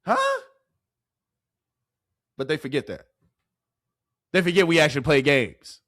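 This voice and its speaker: A man's voice: on the high side, huge pitch swings, unhurried, a bit bright, voice pushed down, heavily acted. A man putting on the voice of an indignant young male quarterback who fires off exasperated rhetorical questions.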